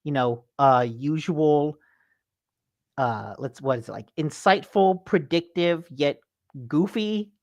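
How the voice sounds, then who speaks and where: A man hosting a casual gaming podcast, an animated storyteller who swears freely. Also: a little high, slow pace, no echo, studio quality. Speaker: podcast host.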